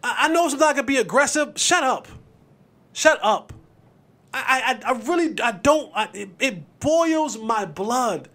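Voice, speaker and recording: A man's voice: very high-pitched, expressive, normal speed, hardly any pauses, a bit bright. A man giving an opinionated sports commentary monologue, heated and emphatic, with casual slang, stumbling and repeating words when worked up. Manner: casual slang and folksy sayings.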